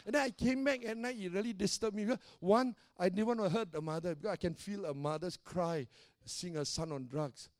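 A man's voice: high voice, brisk, dry recording, studio quality. A middle-aged man, a pastor, preaching a sermon emphatically and often tossing questions like "huh?" to the congregation. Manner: emphatic preaching with call-and-response tags.

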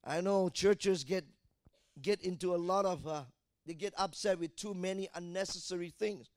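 A man preaching a sermon as pastor, asking rhetorical questions and building to shouted fervor. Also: high-pitched, normal speed, no echo, studio quality.

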